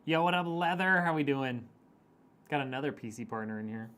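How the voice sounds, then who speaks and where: A man's voice: medium pitch, animated, brisk, fairly bright tone, clean tone. A man streaming a PC build, chatting casually and teasing viewers as he reads their messages, with frequent laughs. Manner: joking, teasing, laughs often.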